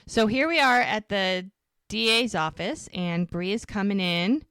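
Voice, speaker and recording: A woman's voice: mid-range voice, unhurried, a bit bright, clear, resonant tone, dry recording, clean studio sound. A woman co-hosting a podcast, casually recapping an episode and acting out the characters' lines. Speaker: podcast co-host.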